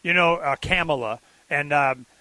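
High, bright-voiced talk radio man. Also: no room sound. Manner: rambling, halting, with many restarts. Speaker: radio show co-host. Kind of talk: casual political talk radio chat.

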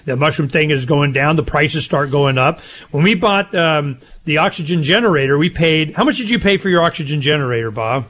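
An older man co-hosting a casual talk show, rambling and animated, with loud laughs. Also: on the high side, a little fast, few pauses. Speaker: co-host. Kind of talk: casual chat.

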